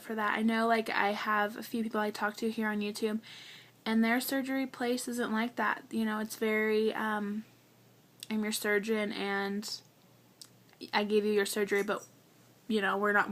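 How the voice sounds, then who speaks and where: A woman's voice: on the high side, a bit bright. A young woman vlogger telling a personal story in a chatty, earnest way, filling her talk with "like" and getting emotional. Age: young adult. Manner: chatty, heavy use of "like", earnest; emotional, close to tears.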